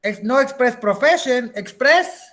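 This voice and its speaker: A woman's voice: sits high, expressive, moderate pace, fairly bright tone. A woman teaching a beginner English class, patiently repeating words, checking that students follow, and slipping into Spanish now and then.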